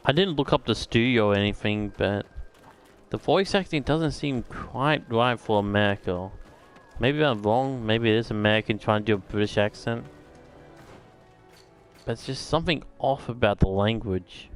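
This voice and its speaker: A man's voice: on the low side, normal speed, clear, resonant tone, faint music behind. A man streaming a game, thinking aloud in rambling casual commentary.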